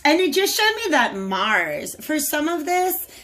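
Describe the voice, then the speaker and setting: A woman's voice: high-pitched, very animated, unhurried, a bit bright, soft background music. A woman giving a casual tarot reading, chatting to viewers and talking to the cards as she goes. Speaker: tarot reader.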